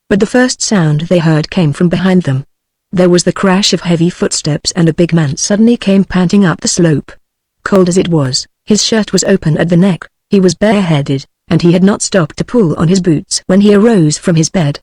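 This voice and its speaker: A woman's voice: on the low side, moderate pace, warm tone, breathy edge, no room sound, studio quality. Synthetic British woman reading a novel. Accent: British English. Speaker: narrator. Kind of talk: text-to-speech audiobook narration.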